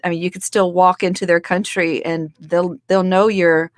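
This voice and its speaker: Enthusiastic young woman co-host, slightly low voice, dry close sound. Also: level tone, normal speed, no room sound. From United States. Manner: enthusiastic, repeats words as she restarts. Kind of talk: casual podcast chat.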